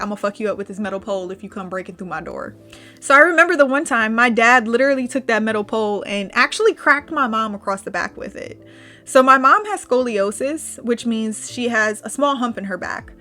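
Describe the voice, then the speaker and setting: A young woman with a bright, forceful voice, pitched a little high, tells a personal story straight into the mic for her podcast. She talks candidly, slips into the voices of the people she quotes, and laughs through the dark parts. Faint music plays underneath. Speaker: podcast host.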